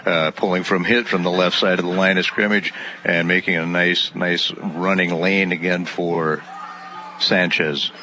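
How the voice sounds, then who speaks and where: A man giving color commentary at a local football game, explaining plays in an unhurried way with small hesitations. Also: deep voice, level tone, sharp tone. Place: press box at a small-town football field. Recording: outdoor broadcast with field noise.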